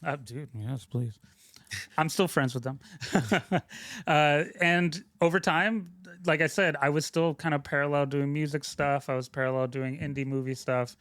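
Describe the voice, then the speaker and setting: A man's voice: fairly high pitch, unhurried, a bit bright, no echo. Rambling guest man, dry close mic. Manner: rambling, self-interrupting, frequent "like" fillers. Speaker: podcast guest, sound mixer. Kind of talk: casual conversational storytelling.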